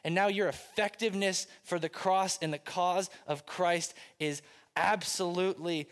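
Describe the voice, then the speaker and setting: A middle-aged male pastor delivers a sermon in a relaxed, storytelling manner, poking fun at himself. His voice sits somewhat high for a man. The room carries a long, ringing reverb like a big sanctuary. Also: unhurried. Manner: conversational storytelling, self-deprecating humor. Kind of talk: sermon with personal anecdote. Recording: long reverb of a large hall.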